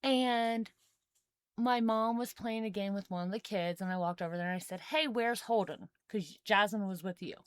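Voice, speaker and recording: A young woman co-hosting a podcast, telling a family story in casual chat, animated and quick to laugh. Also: mid-range voice, clean tone, dry recording. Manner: animated, laughs often, acts out quoted voices. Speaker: podcast co-host.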